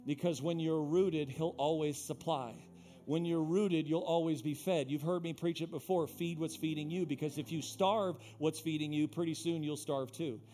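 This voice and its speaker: A male pastor preaching a live sermon in a church, talking straight to the congregation by name and repeating his key lines, moving from hushed passages to loud ones. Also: on the high side, fairly even intonation, moderate pace. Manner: impassioned, repetitive preaching that swings from hushed to loud; talks directly to the congregation by name. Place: church sanctuary.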